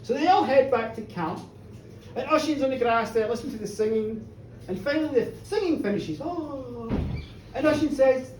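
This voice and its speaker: A woman telling a folk tale live, animated, chatty and playful. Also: high-pitched, moderate pace. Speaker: storyteller. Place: pub storytelling show, indoors. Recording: roomy bar, distant mic, faint noise.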